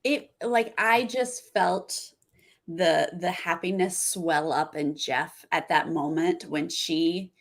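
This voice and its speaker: A woman's voice: fairly low pitch, takes it slowly. A woman co-hosting a casual reality TV recap, chatty and joking, sometimes acting out quotes. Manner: chatty, jokes and acts out quotes. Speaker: podcast co-host.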